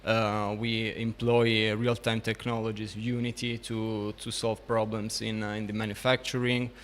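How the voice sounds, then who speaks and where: A man who co-founded a game studio, answering interview questions in a thoughtful, halting way. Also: lowish voice, flat delivery, a bit bright. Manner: thoughtful, halting, frequent restarts. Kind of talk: casual interview.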